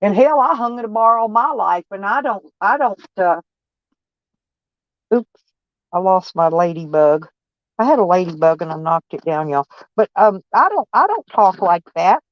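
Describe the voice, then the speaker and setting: A woman's voice: mid-range voice, lively intonation, normal speed, dry recording, lo-fi sound. A woman chatting casually on a live stream, folksy and blunt, answering viewers' comments by name and swearing mildly. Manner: blunt, peppered with mild cursing.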